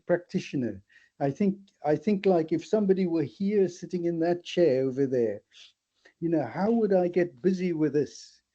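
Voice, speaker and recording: An older man from South Africa, a therapist, talking things through in a thoughtful, animated way with many restarts. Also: fairly high pitch. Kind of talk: reflective discussion. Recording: slightly dull lo-fi audio.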